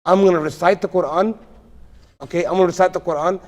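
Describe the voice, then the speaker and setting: A man's voice: sits high, fairly even intonation, fast, darkish tone, close to an everyday voice. A man voicing a stern old male grammar scholar who gives firm instructions, in a lesson story told in a mosque. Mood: instructing. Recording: long reverb of a mosque hall.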